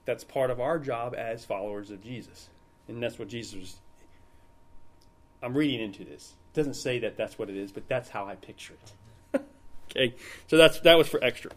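A man leading an informal Bible study, talking in a relaxed, conversational way and acting out the people in the story. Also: mid-range voice, normal speed, long pauses. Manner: conversational, retells scenes in acted quotes.

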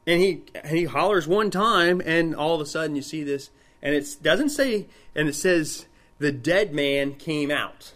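A man's voice: on the high side, measured pace, few pauses, fairly bright tone. Man teaching Bible study conversationally. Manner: conversational, retells scenes in acted quotes.

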